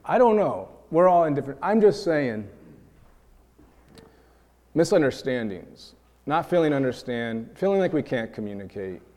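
Male preacher from New York, mid-range voice, lively sermon delivery, acts out quoted voices, large reverberant hall. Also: mid-range voice, moderate pace, long pauses. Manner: animated, acts out quoted voices, repeats words when building a point.

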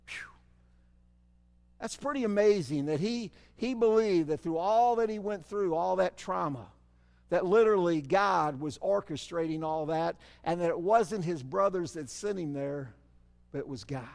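High-voiced preacher in a reverberant hall. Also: male voice, moderate pace. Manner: animated preaching with sudden swells and drops; asks the congregation rhetorical questions. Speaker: pastor. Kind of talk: sermon.

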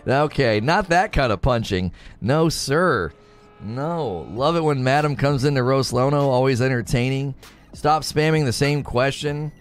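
A man hosting a casual livestream, reading viewer comments from home and ranting with lots of laughter. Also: measured pace. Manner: animated, laughing, rants with rising pitch. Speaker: livestream host. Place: home room.

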